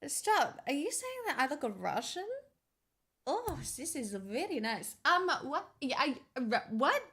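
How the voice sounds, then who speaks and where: Woman, young adult, slightly high pitch, casual livestream chat, sarcastic, bantering. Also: very animated, unhurried, sharp tone. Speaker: streamer.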